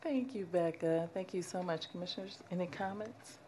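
A woman's voice: on the low side, moderate pace, a little mellow, slight background noise. A woman chairing a public commission meeting, giving an emotional farewell tribute.

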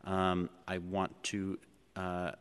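Deep-voiced guy chairing a board meeting, lots of ums, big echoey chamber. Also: monotone, clean tone. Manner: measured, with frequent ums and uhs. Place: legislative chamber in city hall. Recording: long reverb of a large chamber.

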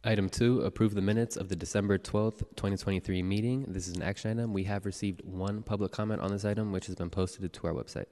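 A man serving as board clerk, calling the roll and reading announcements in a formal, measured way in a city hall chamber. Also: fairly low pitch, fairly even intonation, mellow. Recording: echoey chamber with long reverb.

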